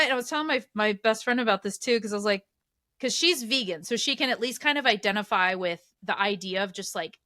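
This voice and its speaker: A woman's voice: fairly high pitch, brisk, bright, forceful tone, dry recording, clean studio sound. A woman in her thirties, co-hosting a podcast and telling a rambling, self-mocking story in casual chat. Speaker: podcast co-host.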